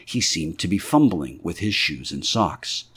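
A man's voice: sits low, very animated, unhurried, a bit bright, slightly rough. A man reading a classic novel aloud as an audiobook narrator, telling it in a vivid way. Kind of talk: scripted narration.

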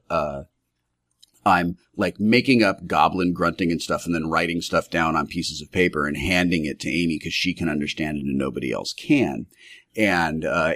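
A man's voice: low voice, no room sound, studio quality. A man, a game master, casually telling a story from his tabletop game in a rambling way, full of fillers and restarts.

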